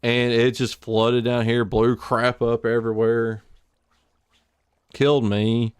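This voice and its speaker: Male streamer, Alabama Southern accent, smooth resonant tone, rambling casual game-stream chat. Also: medium pitch, little pitch movement, slow, dry recording, clean studio sound. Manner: rambling, loose, heavy on fillers. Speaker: live streamer playing a survival game. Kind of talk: casual chat while gaming.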